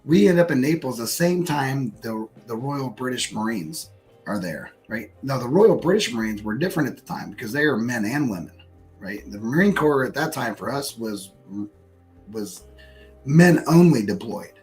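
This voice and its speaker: A man's voice: mid-range voice, normal speed, faint music behind. An American man telling a story in casual, profanity-laced pub chat. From United States. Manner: animated storyteller, swears freely.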